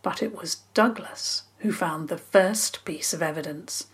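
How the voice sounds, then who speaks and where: A woman calmly narrating a children's story in a measured, scripted reading. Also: lowish voice, breathy edge.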